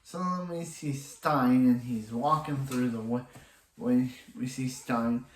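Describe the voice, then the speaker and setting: A man talks through a TV episode in a loose, rambling recap, often stopping and restarting mid-sentence. His voice sits at an ordinary middle pitch. The room around him gives a noticeable echo. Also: slow pace. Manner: rambling, restarting often, quoting characters in passing. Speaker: TV episode reviewer.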